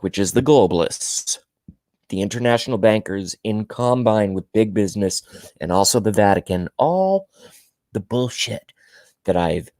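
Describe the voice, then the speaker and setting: A man with a low-pitched voice rants his way through a political monologue, emphatic and indignant, hammering his points by repeating them. The sound is dry and close, with no room around it. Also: a little mellow, dry recording. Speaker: political commentary vlogger. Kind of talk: ranting monologue.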